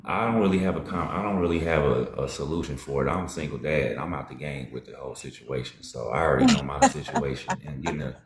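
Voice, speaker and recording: A man in his forties calling in to a chat show, soft-spoken and humble, often trailing off. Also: very deep voice, fast, few pauses, reverberant, crowd noise. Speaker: caller. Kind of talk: casual call-in chat.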